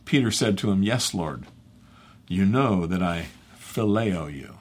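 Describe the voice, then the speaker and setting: Husky, low-voiced man teaching scripture. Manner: conversational, halting, with fillers and self-corrections. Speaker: pastor. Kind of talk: bible teaching.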